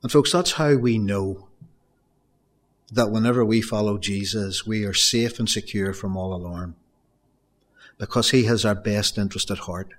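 A man's voice: fairly low pitch, normal speed, pauses often. Storytelling preacher man. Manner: storytelling preacher, repeats phrases. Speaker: pastor. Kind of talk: sermon.

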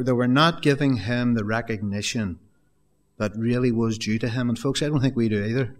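Man preaching, stammering over his words. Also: mid-range voice. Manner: reads scripture with rising emphasis, addresses listeners as folks; stammers and repeats words when speaking off the cuff. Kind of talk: sermon.

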